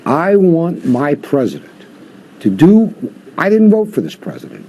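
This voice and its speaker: Older professor guy on a news show, raspy and warm, lots of fired-up questions. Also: fairly high pitch. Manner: impassioned, rhetorical questions. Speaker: guest professor. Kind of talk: interview commentary.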